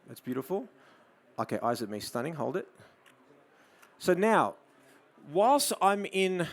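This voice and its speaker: Australian male presenter, fairly high voice, live photo demo, drops to soft murmurs when directing the model. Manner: coaxing a model with soft murmured praise between explanations. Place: studio demo before an audience.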